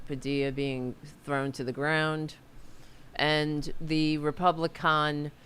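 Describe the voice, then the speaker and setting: A woman's voice: deep voice, a little hiss or hum. A middle-aged woman with a New York accent hosting a political livestream, rambling and swearing in a loose, casual way. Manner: rambling and profane, self-conscious about her hair. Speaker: political podcast host.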